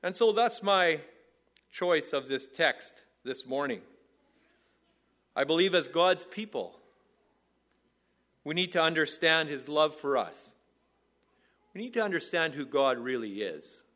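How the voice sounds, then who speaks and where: A man preaching a sermon in an earnest, measured way, building his points through repeated phrases. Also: fairly high pitch, animated, fairly bright tone. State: out of breath.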